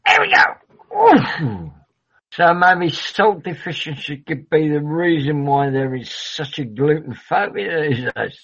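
A man's voice: a little high, vocal fry, a bit bright. A man hosting a livestream in casual rambling chat, who swears freely and often trails off mid-sentence. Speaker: livestream host. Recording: dull lo-fi recording.

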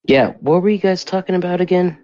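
A man's voice: sits high, fast talker, mellow, no room sound. A man hosting a casual group call, easygoing and prompting the others to talk. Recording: dull lo-fi call audio.

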